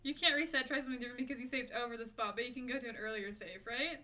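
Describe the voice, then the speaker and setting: A young adult woman streamer giving live gameplay commentary, excitable, swearing and laughing often. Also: a little high, racing, soft background music. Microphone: desk mic, no camera.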